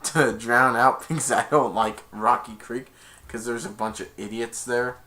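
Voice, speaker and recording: A man casually retelling a movie's plot in a rambling, excitable way, acting out the lines. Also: mid-range voice, measured pace, a little hiss or hum. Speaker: movie reviewer.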